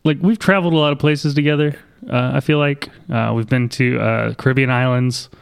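A man co-hosting a casual podcast. He tells road-trip stories in a laid-back way and lands his jokes dryly. His voice sits at a middling pitch. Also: fairly even intonation, fairly quick, vocal fry, clear, resonant tone. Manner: laid-back storyteller with dry humor. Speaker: podcast co-host. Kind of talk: casual chat.

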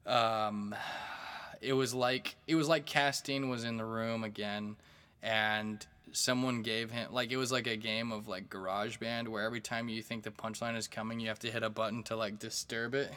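A man's voice: on the low side, flat delivery, moderate pace, pushed and bright, clean tone. A male stand-up comedian telling stories in a rambling, profane way, with plenty of fillers and restarts. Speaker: stand-up comedian and podcast host. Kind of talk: casual storytelling monologue.

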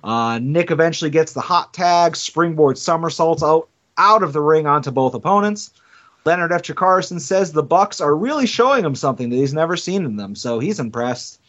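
A man with a slightly high voice recaps matches with eager, rambling enthusiasm and some swearing. He talks in loose podcast chat. The audio is muffled and lo-fi. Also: lively intonation, normal speed. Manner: enthusiastic, swearing, thinking out loud. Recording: muffled lo-fi sound.

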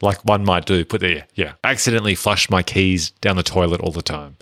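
A man's voice: low voice, brisk, a bit bright, no echo, studio quality. A man co-hosting a casual movie podcast, laid-back and jokey as he hands out awards. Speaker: podcast co-host.

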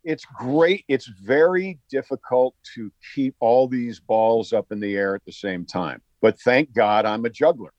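A man's voice: medium pitch, unhurried, hardly any pauses, darkish tone, dry recording, highs cut off. A man in his sixties, an actor and singer-songwriter, talking casually and upbeat in an interview, expansive and motivational. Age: 60s.

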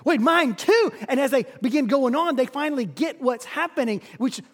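High-voiced preacher in a reverberant hall. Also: male voice, a little fast. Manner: animated storytelling, repeats words. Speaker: pastor. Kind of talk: sermon.

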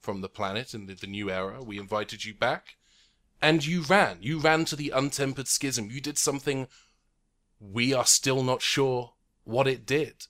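A man voicing a cold, dismissive male Time Lord official in a tabletop game, formal with halting restarts. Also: mid-range voice, a bit bright, voice pushed up, close to an everyday voice. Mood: stern.

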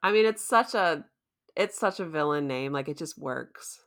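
A woman's voice: deep voice, animated, moderate pace, fairly bright tone. A woman recapping a show in casual chat, chatty and playful, laughing often. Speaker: co-host.

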